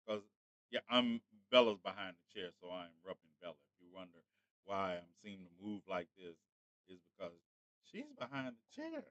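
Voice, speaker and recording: A man's voice: low voice, fairly even intonation, brisk, pushed and bright, no room sound, muffled recording. A man hosting a casual livestream, chatting straight to his viewers. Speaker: livestream host.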